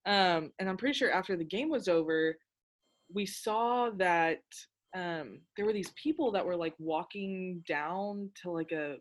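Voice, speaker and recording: A young woman hosting a casual chat, telling a story in an animated, excitable way with lots of filler words. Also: lowish voice, measured pace. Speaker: podcast host.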